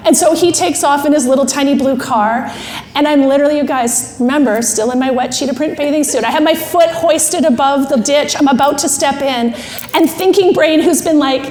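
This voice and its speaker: Brief: animated woman keynote speaker, high voice, quick laughs, live hall with long reverb and faint ambience. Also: a little hiss or hum. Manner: lively, self-deprecating, laughs often. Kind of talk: animated storytelling talk. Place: large expo hall.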